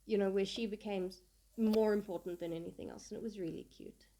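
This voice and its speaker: A woman's voice: mid-range voice, fairly even intonation, fast, warm tone, a little hiss or hum. A woman chats casually on a book podcast, sharing her views with a giggly, self-deprecating manner. She hunts for words and laughs at herself along the way. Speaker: podcast co-host and reader.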